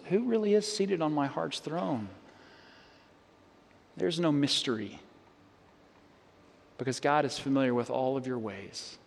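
A man with a slightly high voice preaches a sermon in an earnest, conversational way. He often restarts phrases and turns to rhetorical questions. His voice carries a long reverb, as in a large church sanctuary. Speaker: pastor.

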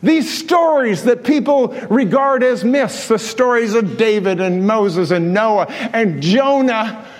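A man with a high voice preaches with fervor, pressing his congregation with rhetorical questions. His words ring out with a long reverb in a large church hall. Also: lively intonation, slow pace. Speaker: pastor. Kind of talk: sermon.

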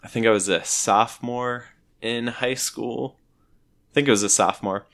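A young man telling stories in a casual chat, animated and laughing often. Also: mid-range voice, moderate pace. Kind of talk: casual storytelling.

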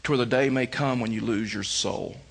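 A man's voice: mid-range voice, fairly quick, vocal fry, slightly rough. A male pastor giving a sermon, telling stories conversationally and then pressing his points with emphasis. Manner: conversational storytelling that rises to emphatic preaching.

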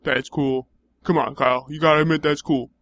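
Teasing young man, slightly high voice. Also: steady tone, brisk, fairly bright tone. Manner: teasing, playfully mocking. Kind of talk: improvised comedy banter.

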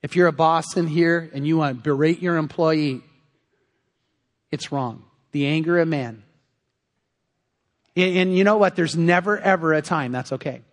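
A man's voice: fairly high pitch, moderate pace, long pauses. A male pastor preaching a sermon, telling a story animatedly and acting out the characters' lines. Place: church sanctuary. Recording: long reverb of a church hall.

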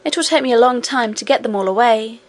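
Storybook girl princess, earnest and insistent, pitched high, read by a woman. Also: fast talker, natural voice.

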